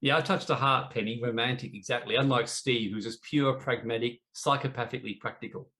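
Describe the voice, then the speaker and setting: In a live online spiritual debate, a male teacher with a mid-range, fairly quick voice and a bright, forceful tone tells a heartfelt, confessional story about himself. Later on he pokes playful fun at his co-hosts.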